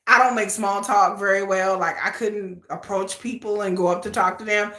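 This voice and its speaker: A woman's voice: medium pitch, fairly even intonation, moderate pace, a bit bright, echoey room. A woman hosting a casual livestream, gushing and laughing as she acts out quotes. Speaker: livestream host.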